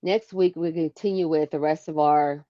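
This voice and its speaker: Woman, co-host, casual animated storytelling, lowish voice, muffled lo-fi sound. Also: normal speed, dry recording. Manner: animated, bursts into shrieks and laughter when acting out scares. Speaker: co-host of live show. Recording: dull lo-fi sound.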